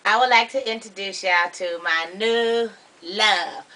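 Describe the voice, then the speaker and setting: Bright, bubbly woman guest vlogger. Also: medium pitch, unhurried, far from the mic. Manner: bubbly, chatty, loud bursts of laughter. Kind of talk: casual chat.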